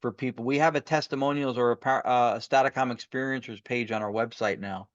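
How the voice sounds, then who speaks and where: Man, podcast guest, mid-pitch, eager rambling storyteller, muffled lo-fi sound. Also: fairly even intonation, a little fast, no echo. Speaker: guest paranormal investigator. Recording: muffled lo-fi audio.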